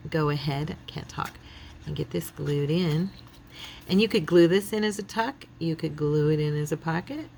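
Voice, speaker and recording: A woman's voice: deep voice, gravelly, a little mellow, a little hiss or hum. A woman hosting a craft channel, chatting casually to her viewers and thinking aloud as she works, a little silly and self-deprecating. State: yawning, relaxed.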